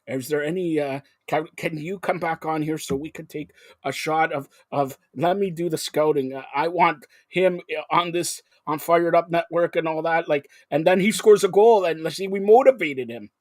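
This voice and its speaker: Excitable host, high voice. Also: male voice, moderate pace, few pauses, no echo, clean studio sound. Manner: excitable, jumps between topics, bursts into loud exclamations. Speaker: show host. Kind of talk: live sports talk show.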